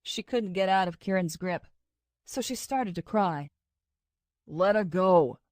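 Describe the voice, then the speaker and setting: Woman audiobook narrator, steady even reading, mid-pitched, dry booth sound. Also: unhurried, no room sound. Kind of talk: scripted narration.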